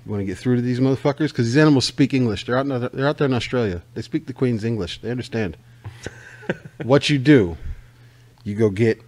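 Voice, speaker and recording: An American host of a relaxed comedy podcast swears liberally and riffs with mock hard-sell salesman energy. He talks fast in a mid-range, darkish voice.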